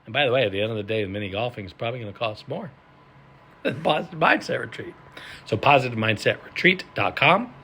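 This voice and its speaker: Talking fast in a mid-range voice, a mindset and self-leadership coach gives an animated motivational talk marked by sudden loud emphasis. There's a little hiss or hum.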